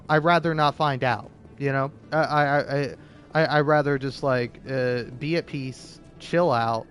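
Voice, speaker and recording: A young man talks in a loose, rambling way, stumbling and repeating his words and dropping casual swears. His voice sits at an ordinary middle pitch. Faint music plays underneath. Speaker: vlogger.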